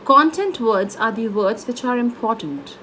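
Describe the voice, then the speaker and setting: A woman teaching public speaking in an online lesson, explaining slowly and stressing key words. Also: on the high side, expressive, bright, forceful tone, a little hiss or hum, rough recording.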